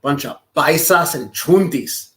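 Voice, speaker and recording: A man's voice: fairly high pitch, expressive, unhurried, fairly bright tone. A man from Los Angeles chatting casually on a live stream, reading chat aloud with crude jokes and frequent laughter. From Los Angeles, California. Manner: crude, joking, often laughing.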